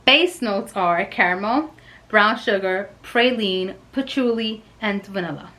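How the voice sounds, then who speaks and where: Woman vlogger, gushing perfume reviewer, unhurried delivery, mid-pitched. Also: poor audio. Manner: gushing and excitable, with soft whispered asides. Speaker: fragrance reviewer. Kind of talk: unboxing and review vlog.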